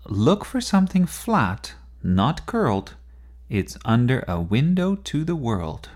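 A man voicing an eager, slightly anxious young girl in a storybook, high and urgent. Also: very animated, takes it slowly, a little mellow.

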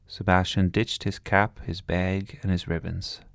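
A man reading a children's storybook aloud, expressive and steady. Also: low voice, a little slow, gravelly, few pauses, no room sound, clean studio sound. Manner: warm, expressive read-aloud narration.

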